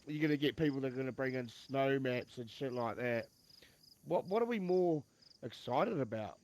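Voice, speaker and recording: Man, podcast panelist, thoughtful, casual chat, middle pitch. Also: lively intonation, normal speed, darkish tone, slight background noise.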